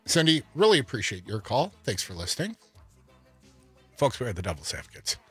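A man's voice: medium pitch, big pitch swings, a little fast, a bit bright, breathy edge, no echo, soft background music. A man co-hosting a talk radio show, sarcastic and emphatic, taking calls and ranting about politics. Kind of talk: opinionated talk radio banter. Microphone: studio microphone.

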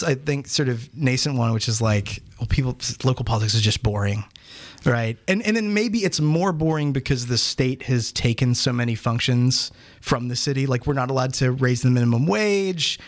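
Guy in his 30s from pittsburgh way, college prof type on radio, rambles w lots of ums. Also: medium pitch. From Pittsburgh area, Pennsylvania. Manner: rambling, self-deprecating, lots of fillers. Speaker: academic guest. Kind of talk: casual radio interview.

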